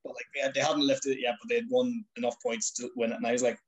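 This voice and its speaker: Lively young Irish man telling stories. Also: medium pitch, rapid-fire, poor audio. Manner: lively storytelling, swearing, mimics voices. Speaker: podcast guest. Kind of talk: casual chat.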